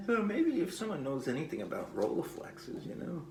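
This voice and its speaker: An older man hosts his own podcast in a rambling, stop-start way, filling gaps with fillers and little laughs. His pitch swings in a lively way. He is recorded on a phone on a tripod in an echoey room with faint background ambience. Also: creaky, slight background noise. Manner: meandering, halting, with frequent fillers and chuckles. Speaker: podcast host. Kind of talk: rambling casual monologue.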